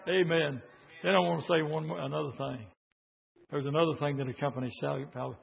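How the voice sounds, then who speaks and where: Male revival preacher. Pitched high, swings from hushed pleading to full shouts. Dull, lo-fi recording. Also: fairly even intonation, a little fast, creaky. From southern Indiana, USA. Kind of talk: revival sermon.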